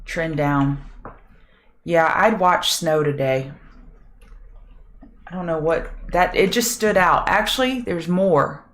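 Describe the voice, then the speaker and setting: A woman's voice: on the low side, takes it slowly, pauses often, a bit bright. A middle-aged woman hosting a live market prep show, chatting with viewers and thinking aloud over charts, her voice a bit scratchy. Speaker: trading show host.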